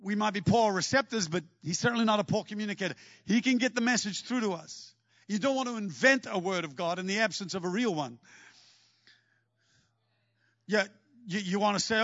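A man preaching a sermon, telling stories with lively energy and acting out the scenes he describes. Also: high-pitched, brisk, no room sound, muffled recording. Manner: animated storytelling, acts out scenes.

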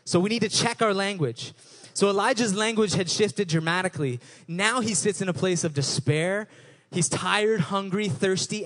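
A young adult male pastor with a somewhat high-pitched voice delivers a sermon. His delivery is conversational rather than formal, with frequent restarts and repeated words as he works his thoughts out aloud. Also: a bit bright.

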